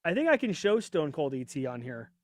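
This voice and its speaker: A man hosts a live wrestling watch party in a loose, rambling chat, reading out viewer comments. His voice sits a bit high and sounds worn from a long stream. The sound is close-miked and dry. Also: big pitch swings, a little fast, darkish tone, no echo. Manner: chatty and rambling, reads viewer comments aloud. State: voice getting worn out. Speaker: podcast host.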